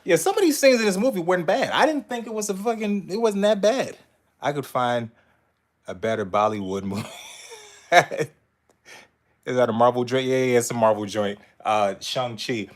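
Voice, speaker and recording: Animated, profane man streaming. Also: mid-range voice, moderate pace. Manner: profane, animated, laughing often. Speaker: streamer reacting to movie clips. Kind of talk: casual live-stream commentary. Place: indoors in front of a screen.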